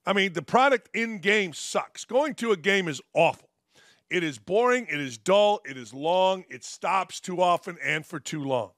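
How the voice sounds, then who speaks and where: A man's voice: high-pitched, animated, normal speed, a bit bright, no echo, studio quality. A man hosting a sports talk show, delivering a combative, sarcastic opinion monologue. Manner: combative, sarcastic, mocking quotes.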